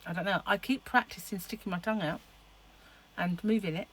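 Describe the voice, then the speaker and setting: A woman's voice: mid-range voice, brisk, slight background noise, low-quality recording. A middle-aged woman chatting casually to camera in a rambling, laughing way. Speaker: vlogger.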